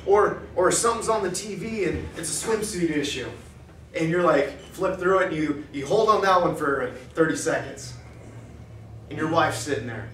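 A man speaking at a men's breakfast in a cafe, preaching in an animated way and acting out quoted thoughts in a hushed voice. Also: sits high, normal speed, slight background noise. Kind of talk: preaching talk. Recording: echoey room, mic far off.

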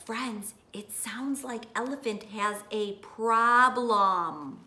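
Slow high-voiced woman teaching young children. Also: pushed and bright, reverberant. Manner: encouraging, addresses children as friends. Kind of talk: children's lesson and story reading.

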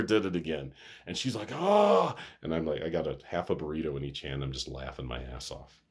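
A man's voice: extremely low pitch, a little mellow, breathy edge. A middle-aged man rambling casually in a personal vlog, laughing often and swearing freely. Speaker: vlogger.

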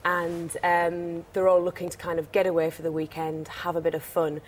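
Young teesside woman chatting on a tv sofa, bubbly and rambly, slightly low voice, faint hiss. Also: completely flat delivery, normal speed. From Teesside, England. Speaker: actress, studio guest. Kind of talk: TV interview.

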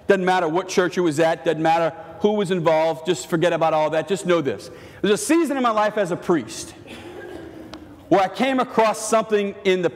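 A male priest preaching a sermon in an animated, joking way, acting out the voices he quotes. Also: high-pitched. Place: church. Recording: long church reverb.

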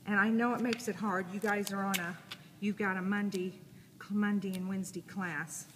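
A woman teaches a sewing class, chatty and relaxed, talking through each step as she works. Her voice carries through a reverberant classroom, with steady background noise around it. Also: mid-range voice, normal speed. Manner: casual, chatty, thinking aloud while working. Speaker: sewing instructor. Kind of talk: classroom demonstration. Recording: echoey room with audible noise.

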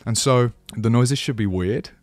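A man's voice: mid-range voice, unhurried, dry recording. A man hosting a casual voice-acting tutorial, chatty, enthusiastic and self-deprecating. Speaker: host of a voice-acting channel.

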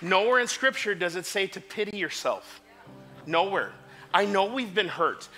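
Male pastor, high bright voice, fervent sermon that swings from hushed to shouting. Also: animated, moderate pace, faint music behind, some chatter behind. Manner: impassioned, swings from quiet to shouting. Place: church sanctuary.

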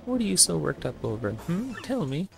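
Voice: medium pitch, big pitch swings, moderate pace, gravelly, faint music behind, voice pushed up. A gamer voicing a fawning, scheming old witch who serves a villain king, with a sly, sing-song delivery.

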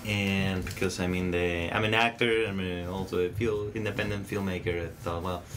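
A man's voice: sits low, steady tone, moderate pace, noisy background. A man hosting a casual interview podcast, speaking with a Spanish accent and plenty of fillers and restarts. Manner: hesitant, many fillers and restarts. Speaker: podcast host.

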